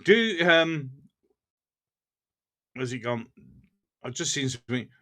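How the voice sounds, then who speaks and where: A man's voice: medium pitch, very animated, slow pace, bright, forceful tone. A man with a Black Country accent hosting a casual livestream, chatting with viewers, joking and laughing often. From English Black Country. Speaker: livestream host. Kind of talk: casual live chat reading comments.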